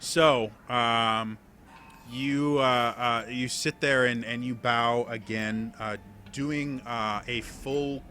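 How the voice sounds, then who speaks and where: A man narrating a tabletop game as game master, halting, with many fillers. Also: mid-range voice. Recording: steady background noise.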